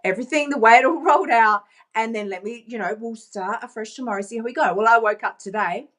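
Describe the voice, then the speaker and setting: A woman's voice: a little high, fast talker, a bit bright. A woman coach giving a bubbly, playful and emphatic motivational vlog, talking into her phone.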